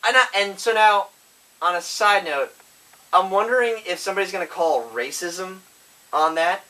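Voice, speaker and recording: High, bright-voiced man rambling on a review. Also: normal speed, recorded from a distance, poor audio. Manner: rambling, goes off on tangents, self-correcting; gets loud and excited when making a point. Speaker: film reviewer. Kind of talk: casual rambling movie review.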